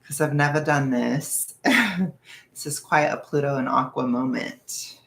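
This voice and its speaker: Nervous, rambling young man with a gravelly voice. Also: medium pitch, level tone, measured pace. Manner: rambling, self-conscious, with hushed asides. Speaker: vlogger. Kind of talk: casual confessional chat. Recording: echoey room.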